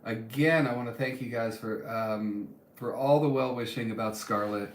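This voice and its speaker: A man's voice: medium pitch, moderate pace, echoey room. A man hosting a casual live stream and reading viewer comments aloud, talking in a rambling way with many ums and restarts.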